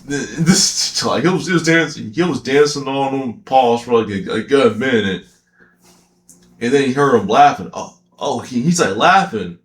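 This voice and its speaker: A man's voice: mid-range voice, lively intonation, normal speed, echoey room. A man giving a casual, rambling anime commentary, slangy with many fillers and frequent laughter. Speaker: anime reviewer.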